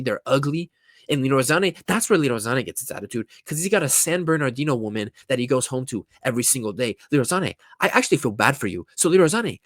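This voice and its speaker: A man's voice: mid-range voice, a bit bright, no echo, clean studio sound. Profane man ranting about football. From California. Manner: profane, mocking, blunt. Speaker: football reaction vlogger. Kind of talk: casual ranting reaction.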